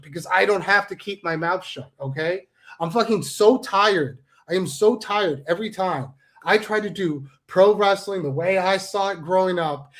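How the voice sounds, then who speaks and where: A man, a pro wrestler appearing as a guest, delivering a heated, profane, promo-style rant and repeating himself for emphasis. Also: high-pitched. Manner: angry, profane, repetitive, with mocking voices.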